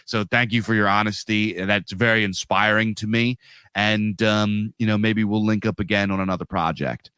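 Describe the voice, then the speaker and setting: A man's voice: lowish voice, steady tone, normal speed, pushed and bright, smooth, no echo. A man voicing an easygoing, friendly screenwriter.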